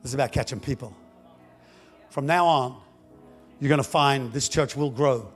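A man playing a patient, commanding male teacher who speaks in steady instructions. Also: mid-range voice, moderate pace, breathy edge, faint music behind, voice pushed down, lightly acted. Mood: reassuring.

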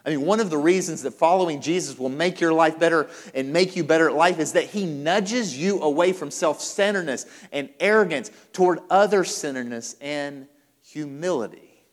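A man delivers a sermon as a pastor, leaning on repeated phrases to drive each point home. His voice sits somewhat high for a man. It carries with the long reverb of a large church hall. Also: moderate pace. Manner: emphatic preaching with repeated phrases.

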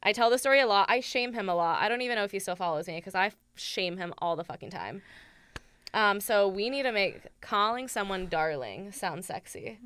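A woman's voice: mid-range voice, brisk, clean tone. A woman co-hosting a podcast in crude, casual chat, telling stories with frequent laughter, into a studio microphone. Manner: lively storyteller, laughing, crude. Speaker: podcast co-host.

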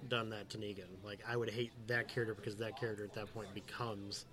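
Fast-talking man in casual chat. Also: fairly low pitch, flat delivery, crowd noise. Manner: fast, thorough explaining with many restarts. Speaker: podcast co-host. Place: comic shop event.

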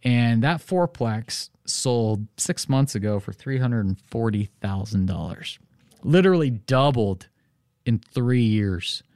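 A man's voice: medium pitch, takes it slowly, dry recording. Chatty male podcast host, dry sound. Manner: animated storytelling, many "you know" fillers. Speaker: real estate podcast host. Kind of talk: casual solo podcast monologue.

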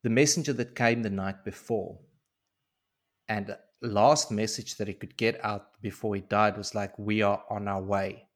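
A man voicing a proud, defiant young noblewoman who talks in a hurried, insistent way. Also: on the low side, fairly even intonation, natural voice.

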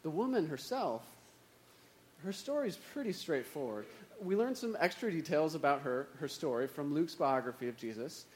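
A man gives a sermon in a relaxed, conversational way, dropping wry, self-mocking asides. His voice sits a little high for a man. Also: normal speed, a little hiss or hum. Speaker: preacher.

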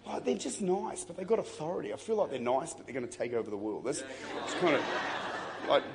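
A man preaching a sermon, telling a story with lively jokes and bursts of shouting, in a large church hall. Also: a little high, quick pace, creaky. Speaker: pastor. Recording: long hall reverb, faint crowd ambience.

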